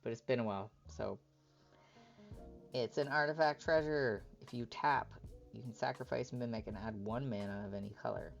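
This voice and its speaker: A man on a live stream opens card packs, chatting casually and reading the card text aloud in relaxed running commentary. His voice is fairly low, gravelly, and a little fast, with a muffled recording and soft music in the background.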